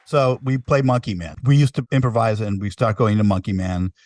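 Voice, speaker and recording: A man, a musician, telling a gig story with growing excitement. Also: a little fast, dry recording, far from the mic, soft background music, a faint crowd. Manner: excitable, pitch leaps when thrilled. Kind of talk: casual anecdote.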